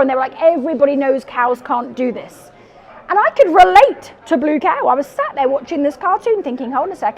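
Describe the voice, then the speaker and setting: A middle-aged woman from the UK, a guest entrepreneur, telling a story in an interview and acting out the quotes with lively energy. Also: sits high.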